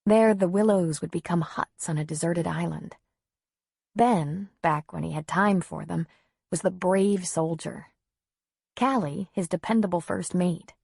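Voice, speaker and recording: A woman narrating an audiobook in a measured, even storytelling manner. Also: lowish voice, creaky, breathy edge, dry recording, clean studio sound. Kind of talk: scripted narration.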